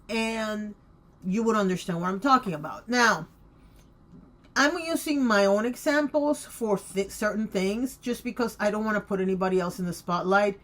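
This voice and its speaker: A woman's voice: mid-range voice, fairly bright tone. A woman in her late fifties hosting her own channel, talking to camera in an emphatic, outspoken way. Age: 50s. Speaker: vlogger. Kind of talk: casual opinion talk to camera.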